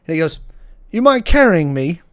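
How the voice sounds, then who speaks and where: A mousy young rigger in a tabletop game speaks with a British accent, as the man running the game puts him on. His requests come brief and matter-of-fact, a touch higher than usual. The sound is dry and close. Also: sing-song, moderate pace, a bit bright, smooth, no room sound. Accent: British, put on.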